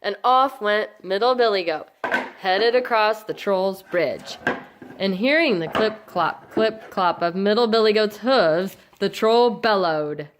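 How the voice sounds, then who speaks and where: An adult woman narrating a fairy tale in a measured, expressive read-aloud style for a home family play. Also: mid-range voice, noisy background.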